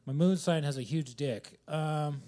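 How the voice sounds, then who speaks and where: A man's voice: a little high, measured pace, dark tone. A man doing stand-up at a coffee shop open mic, rambling and self-deprecating as he riffs from joke to joke, on a handheld mic. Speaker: stand-up comedian.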